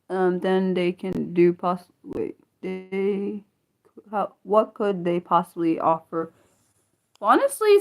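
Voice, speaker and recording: A woman hosting a casual livestream from her phone, reading viewer comments aloud in a rambling, apologetic way with many fillers and restarts. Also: medium pitch. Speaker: livestream host.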